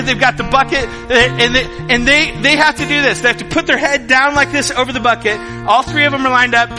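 Middle-aged male pastor, high voice, lively storyteller, preaching in a reverberant hall with guitar behind. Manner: animated storytelling, acts out scenes. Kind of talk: sermon.

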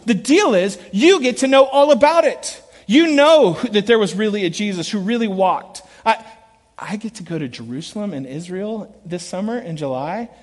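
A middle-aged man preaching from the front of a large church hall, his voice sitting high for a man. He tells stories with animated swings, shouting one moment and dropping to a hushed intensity the next. A long reverb trails every phrase. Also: moderate pace. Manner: animated storytelling, swings between loud shouts and quiet intensity. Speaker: pastor. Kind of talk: sermon.

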